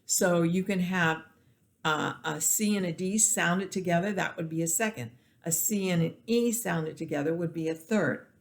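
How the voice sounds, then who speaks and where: A somewhat low-pitched woman gives a music lesson as a recorded classroom lecture. She explains step by step, restarts her sentences now and then, and counts beats out loud to demonstrate. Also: moderate pace, gravelly. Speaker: music teacher.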